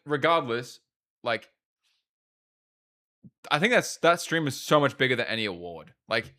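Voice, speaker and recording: Australian man with a bright, forceful voice. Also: mid-range voice. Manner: rambling, profane, quick asides. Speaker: livestreamer. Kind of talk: casual stream chat.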